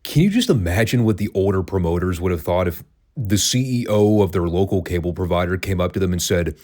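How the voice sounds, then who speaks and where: Man, very low voice, solo podcast host, wry and sarcastic, chatty. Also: brisk, darkish tone. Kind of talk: casual commentary, solo podcast.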